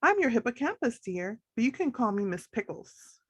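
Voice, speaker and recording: A woman voicing a gentle, motherly hippocampus character in a storybook who calls the girl dear. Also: fairly high pitch, sing-song, moderate pace, slightly rough, no room sound. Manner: soft, fond, calls everyone dear. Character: kind motherly female hippocampus, gentle and a bit scatterbrained.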